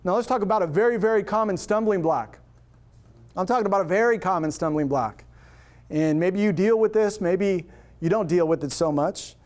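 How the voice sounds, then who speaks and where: A man giving an energetic motivational talk to an audience on stage. He repeats key points, asks questions and has listeners say lines back to him, with some faith references. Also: high-pitched, moderate pace. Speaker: motivational speaker.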